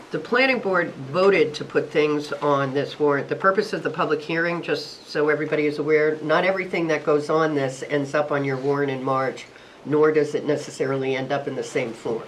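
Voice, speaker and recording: Planning board member weighing in, mid-pitched voice, hesitant with lots of pauses. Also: slight background noise, poor audio. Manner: hesitant, many fillers. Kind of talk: board meeting remarks.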